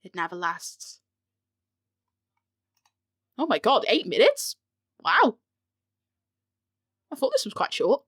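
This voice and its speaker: Her pitch is fairly high and swoops wildly, her tone fairly bright and slightly rough, and she moves slowly, pausing often. She is a British author reading her novel into a home mic, giggling and swearing through her mistakes in this outtake-heavy audiobook session.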